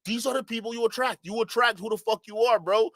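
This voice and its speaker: Bright-voiced man reacting with exasperation. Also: very high voice, fairly even intonation, fast talker, dry recording. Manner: casual, exasperated, stammers and restarts. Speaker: commentary channel host. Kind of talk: reaction commentary.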